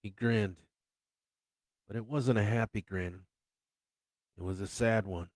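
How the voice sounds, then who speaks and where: A man, an author, reading his own first-person story in an unhurried, reflective way. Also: on the low side, steady tone, a little mellow, dry recording.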